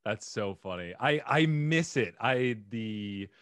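A man hosting a comedy podcast interview, laughing easily and reacting with quick exclamations. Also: on the low side, lively intonation, fairly bright tone, clean tone, no echo, studio quality. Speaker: podcast host. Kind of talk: casual interview.

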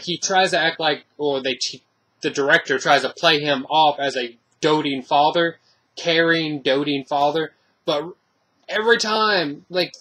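A man's voice: fairly high pitch, a bit bright. A man giving a casual spoken movie review, rambling and blunt.

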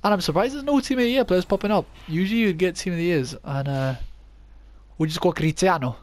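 A man's voice: sits high, fast, no echo. Chatty young man thinking aloud. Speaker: gaming YouTuber. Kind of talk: casual gameplay commentary.

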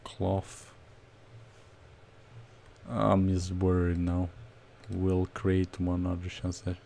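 Male streamer, unhurried gravelly delivery, nervous play-by-play of a football game. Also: lowish voice. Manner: nervous, excitable play-by-play with outbursts. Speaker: gaming streamer. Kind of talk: casual game commentary.

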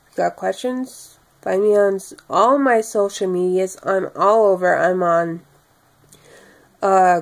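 Young woman vlogger, tired, monotone delivery, slow pace, lots of ums. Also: medium pitch. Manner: monotone, many fillers. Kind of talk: casual vlog sign-off.

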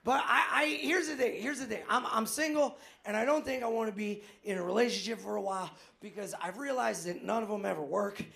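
A man doing a loud, manic, self-mocking stand-up set on a club stage in front of a live audience, often laughing at his own jokes. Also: sits high, fairly quick, vocal fry, few pauses. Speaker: stand-up comedian.

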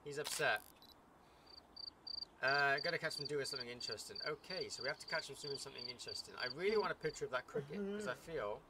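Excitable man commentating a game. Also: fairly high pitch, quick pace. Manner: excitable, chattering, cheering the game on. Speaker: gaming YouTuber. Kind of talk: let's play commentary. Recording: loud background noise.

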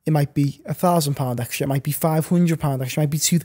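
A man's voice: on the high side, fast, warm tone. A young man chatting as a podcast guest, telling long stories full of fillers and restarts. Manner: rambling, filler-heavy storytelling. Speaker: podcast guest, online reseller. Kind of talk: casual podcast chat.

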